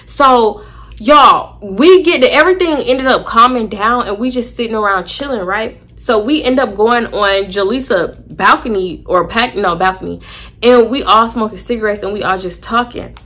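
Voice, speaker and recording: A young woman casually telling a storytime to her viewers, animated and acting out what people said. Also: on the high side, normal speed. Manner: animated, acts out quoted voices, addresses viewers as y'all.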